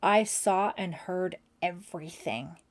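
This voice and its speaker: A woman's voice: fairly low pitch, a little slow, dark tone, lightly acted. A woman voicing a jealous teenage girl who hisses her threats in fury. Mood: furious. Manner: hissing, threatening.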